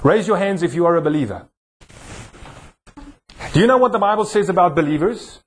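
Preaching in a church hall, this South African-accented pastor banters jokingly with a volunteer and lets his emphasis rise as he goes. His high voice moves at normal speed with frequent pauses, and a little hiss or hum sits in the background.

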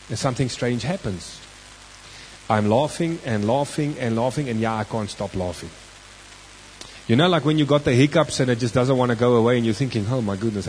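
South African preacher, mid-pitched, conversational storyteller who stretches key words for weight. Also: male voice, a little mellow, a little hiss or hum, rough recording. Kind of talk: sermon with personal storytelling.

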